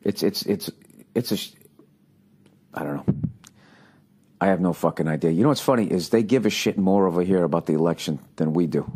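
This American comedian and podcaster has a deep, slightly mellow, slightly rough voice, talking fairly quickly but leaving long pauses. His solo monologue is a profane, rambling, exasperated rant, sarcastic and full of fillers and restarts.

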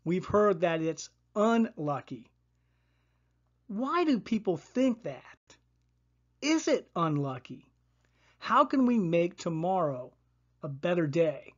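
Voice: mid-range voice, very animated, slow pace, long pauses, muffled recording. A storyteller voicing a curious young schoolgirl asking questions.

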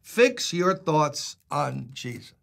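Chatty older pastor with a New York accent. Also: male voice, fairly high pitch, sing-song, slow pace, gravelly, fairly bright tone. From Brooklyn, New York. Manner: chatty, joking, emphatic. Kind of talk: informal Bible teaching.

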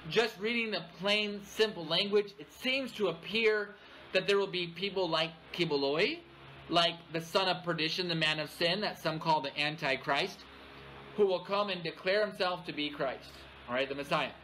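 Male pastor, high and bright voice, expository sermon with "all right?" check-ins, faint noise. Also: normal speed, low-quality recording. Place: church.

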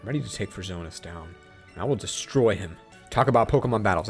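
A young man hosting a gaming channel, giving excited, playful let's-play commentary and talking to the game. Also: on the low side, quick pace, faint music behind. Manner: hyped, playful, talks to the game.

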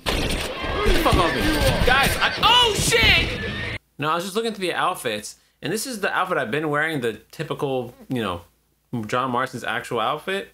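A man giving casual commentary over a video game, excitable and profane, with sudden shouted outbursts. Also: a little high, moderate pace, background noise. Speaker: gaming YouTuber. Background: game music and horse hooves.

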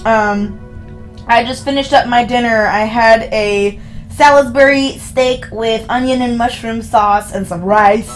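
A woman's voice: fairly high pitch, unhurried, soft background music. Chatty woman streamer. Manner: chatty and rambling, talking to chat viewers. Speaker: streamer playing a visual novel. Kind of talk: casual live-stream chat.

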